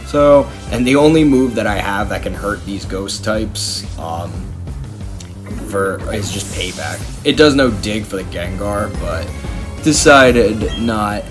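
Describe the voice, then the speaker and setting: A man's voice: on the low side, animated, slow. A man narrating his own gameplay in a chatty, rambling, self-deprecating way. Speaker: game video host. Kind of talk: gameplay commentary voice-over. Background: background music.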